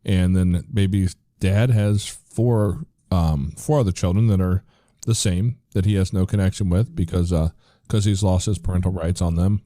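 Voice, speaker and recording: A man's voice: low voice, steady tone, normal speed, mellow, no room sound, studio quality. An American man in his forties, a podcast host, talking earnestly in casual conversation with frequent restarts.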